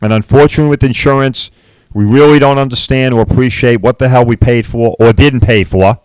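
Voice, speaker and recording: A man's voice: medium pitch, fairly even intonation, brisk, darkish tone, no echo. Blunt New man ranting. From Long Island, New York. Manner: blunt, repetitive, peppered with "all right" and "right?". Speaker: podcast host and body shop owner. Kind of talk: casual podcast rant.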